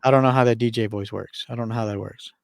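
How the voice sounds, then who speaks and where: A man's voice: medium pitch, fairly even intonation, fast talker, creaky, dry recording, studio quality. A man co-hosting a casual podcast, laid-back and rambling, often repeating words as he starts a sentence. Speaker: podcast co-host.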